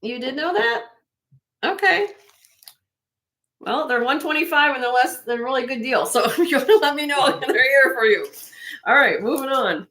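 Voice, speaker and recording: A woman hosting a live online jewelry sale, chatting excitedly and loudly as she shows each piece. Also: high-pitched, normal speed, long pauses. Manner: excitable, loud, chatty sales patter.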